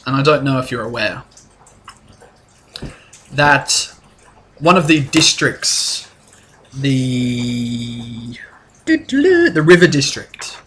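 A man's voice: mid-range voice, fairly bright tone, a little hiss or hum. A man voicing a casual, friendly male city official who confides in his guests. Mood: confiding.

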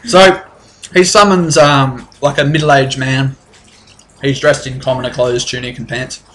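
A man's voice: mid-range voice, fairly even intonation, unhurried, fairly bright tone. A man narrating as game master in a tabletop game, rambling and restarting his sentences. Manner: rambling, restarts often, laughs easily.

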